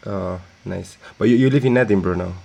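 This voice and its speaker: A man's voice: low voice, a little fast, gravelly, mellow. A man hosting a podcast, chatting in a friendly way and laughing easily. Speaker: podcast host. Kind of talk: casual podcast interview. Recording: faint music and machine hum.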